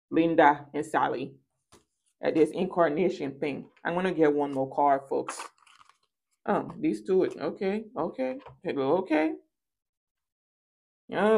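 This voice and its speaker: A woman's voice: on the low side, creaky, a little mellow. Sassy, playful woman tarot reader. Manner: playful, sassy and theatrical, with singsong rhymes and acted-out quotes. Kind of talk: casual tarot reading to viewers.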